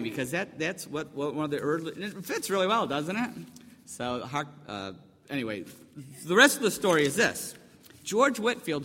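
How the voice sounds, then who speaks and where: Chatty pastor with hall reverb. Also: male voice, a little high, bright, forceful tone, a little hiss or hum. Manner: chatty and joking, asks the congregation questions. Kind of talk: conversational sermon. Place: church sanctuary.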